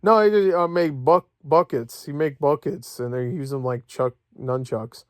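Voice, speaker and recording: A man's voice: fairly high pitch, normal speed, no room sound, clean studio sound. Sarcastic, profane young man ranting. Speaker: movie vlogger. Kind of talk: casual rant. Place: at home in bed.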